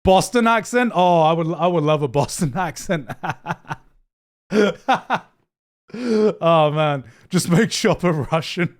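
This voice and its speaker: A young man chatting casually on a live stream, excitable, swearing freely and often repeating himself as he reacts. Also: fairly high pitch, slow pace. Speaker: streamer reacting to anime news.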